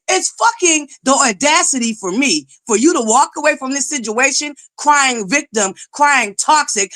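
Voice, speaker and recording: A woman's voice: high-pitched, a bit bright. A woman hosting her own commentary channel, ranting in an exasperated, profane, emphatic way, often stammering and restarting. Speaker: commentary vlogger. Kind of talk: heated reality TV commentary rant.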